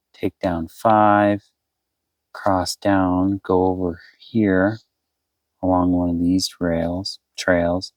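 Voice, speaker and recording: A low, darkish voice comes from an adult man chatting with viewers inside his camper van. As a vanlife vlogger, he rambles and thinks aloud about his route. The recording is low quality, though without echo.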